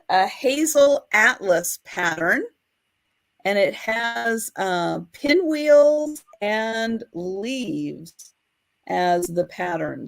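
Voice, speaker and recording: Slow-talking woman describing sale items. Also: medium pitch, creaky. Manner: slow, careful item descriptions with frequent ums. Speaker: co-host running a live vintage sale. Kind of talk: live online sales chat. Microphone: streaming over a home internet connection.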